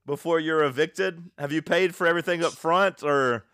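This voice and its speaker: A man's voice: fairly high pitch, moderate pace, a bit bright, no echo, clean studio sound. A young man co-hosting a podcast, teasing and blunt in casual chat. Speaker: podcast co-host.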